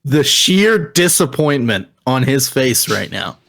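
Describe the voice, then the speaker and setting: Teasing young man with a gravelly voice. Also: medium pitch, big pitch swings, a bit bright. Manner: teasing, quick jokes. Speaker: podcast co-host. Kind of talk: casual chat.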